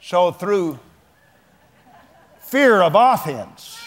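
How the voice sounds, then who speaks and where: A man's voice: high-pitched, big pitch swings, drawn-out words, a bit bright, a little hiss or hum. A man in his seventies preaching a folksy sermon, telling stories with a chuckle and plain colloquial talk. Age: 70s. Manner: storytelling, chuckling, drawling colloquial speech.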